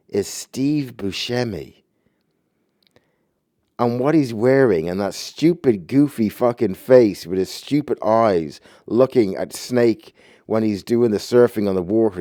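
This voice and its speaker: A man's voice: on the low side, mellow, dry recording, clean studio sound. A man ranting about a movie in a profane, agitated, rambling way.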